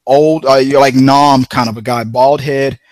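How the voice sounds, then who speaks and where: A man's voice: medium pitch, fairly even intonation, a little slow, slight background noise. Rambling man telling a story. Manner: rambling storytelling with restarts and laughs. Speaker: podcast co-host. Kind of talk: casual chat.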